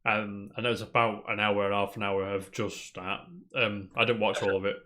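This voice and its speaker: A man's voice: lowish voice, little pitch movement, fairly quick, sharp tone, a little hiss or hum. A man co-hosting a casual gaming news podcast, rambling cheerfully and calling his co-host "mate". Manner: chatty, rambling, peppers talk with "mate".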